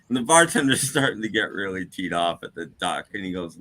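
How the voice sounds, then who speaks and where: A man's voice: lowish voice, lively intonation, a little fast, few pauses, pushed and bright. A man in a casual chat who tells a joke and acts out its characters. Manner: joke-telling, acts out characters with big swings.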